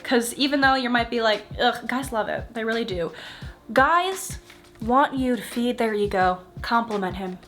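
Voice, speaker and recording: A woman's voice: a little high, expressive, moderate pace, fairly bright tone, faint music behind. A young woman vlogger answering viewer questions in a candid, casual chat, often acting out quoted thoughts.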